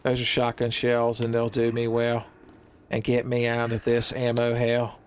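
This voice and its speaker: With slight background noise behind him, a man streams a video game and riffs jokily and at length, calling his viewers "son" and slipping in silly wordplay. His mid-range voice is monotone and a little slow.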